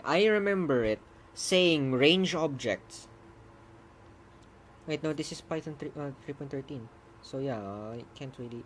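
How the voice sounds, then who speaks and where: A programmer casually walking through their own code, rambling, correcting themself, laughing often and breaking into excited cheers. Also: medium pitch, measured pace, long pauses, a little hiss or hum. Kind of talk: casual coding stream commentary.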